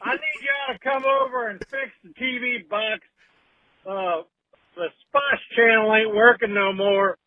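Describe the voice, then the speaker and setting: A man's voice: sits high, measured pace, no echo. A man voicing a crude, folksy old uncle who leaves a rambling, drawling voicemail. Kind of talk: comedic voicemail sketch. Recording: tinny phone voicemail.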